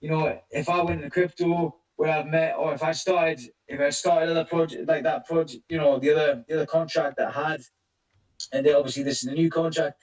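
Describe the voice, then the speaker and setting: A man's voice: a little high, steady tone, a little fast, roomy sound, recorded from a distance, poor audio. A man hosting a casual online voice chat, rambling and swearing as he greets listeners by name. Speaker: crypto project lead hosting a community voice chat.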